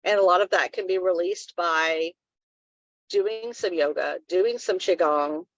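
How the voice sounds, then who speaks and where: A woman's voice: on the low side, measured pace, dry recording. Woman, live-stream host, earnest and advice-giving, rambling, dry close sound, muffled lo-fi audio. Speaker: co-host of a live wellness talk show. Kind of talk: casual live-stream chat.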